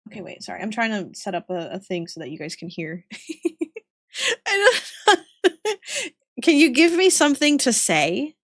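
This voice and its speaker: A woman streamer chatting casually with her viewers, giggling often and reacting warmly to their messages. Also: a little high, very animated, measured pace, no room sound, clean studio sound. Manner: giggly and chatty, talks to chat.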